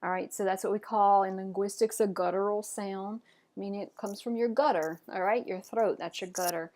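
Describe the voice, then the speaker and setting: A woman guiding learners through French sounds in a patient, encouraging way. She says each example slowly and clearly, then prompts her students to try it. Her pitch is in the middle range. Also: steady tone, darkish tone. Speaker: French teacher. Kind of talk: pronunciation lesson.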